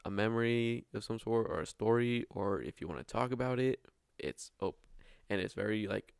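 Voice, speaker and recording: A man's voice: lowish voice, normal speed, creaky, clear, resonant tone, dry recording, studio quality. A man hosting a podcast in casual chat, laid-back, giving short replies and explaining the rules of a drinking game. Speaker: podcast host.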